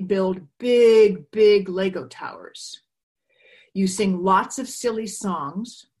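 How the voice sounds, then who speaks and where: A woman leading a children's talk at church, telling a story gently and slowly. Her voice sits at a middle pitch and she uses simple props as she goes.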